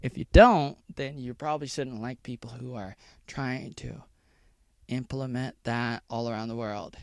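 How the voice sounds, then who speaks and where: Man, rambling solo vlogger, mid pitch, dry close mic. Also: measured pace, vocal fry, no echo. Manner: rambling, jumps between mocking squeals and low muttering. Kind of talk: rambling monologue vlog.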